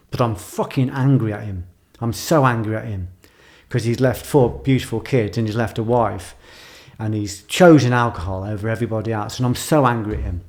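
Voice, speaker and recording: A man with a mid-range voice, a writer and filmmaker, speaks in an intense and emotional reflective monologue about himself. He leans on repeated phrases for emphasis.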